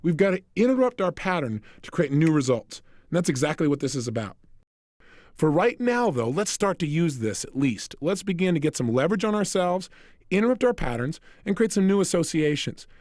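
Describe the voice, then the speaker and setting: A self-help coach speaking to the listener in an energetic, direct recorded lecture. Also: male voice, fairly high pitch, fairly quick, dry recording, clean studio sound.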